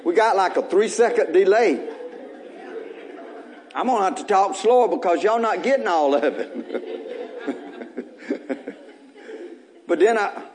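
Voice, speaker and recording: A male pastor with a very high voice preaches at a church service. He reads scripture and then works through it with the congregation, and he climbs into shouts when the message peaks. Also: animated, unhurried, long pauses. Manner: builds to shouting at high points. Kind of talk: sermon.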